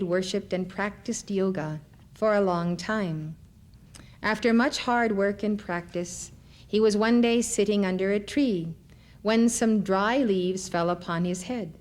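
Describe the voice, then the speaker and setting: A woman lecturer reading spiritual stories aloud in a measured, deliberate way. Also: mid-range voice, darkish tone.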